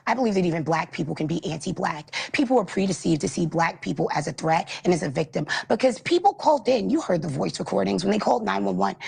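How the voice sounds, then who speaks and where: A woman's voice: fairly low pitch, gravelly, darkish tone, breathy edge. A woman arguing passionately in a debate, stumbling over restarts as she presses her point. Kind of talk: impassioned debate argument.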